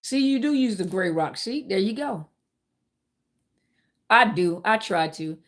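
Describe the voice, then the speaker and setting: A woman's voice: medium pitch, lively intonation, a little slow. A middle-aged woman, hosting a live talk and telling a personal story candidly, speaking straight to her viewers. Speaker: host.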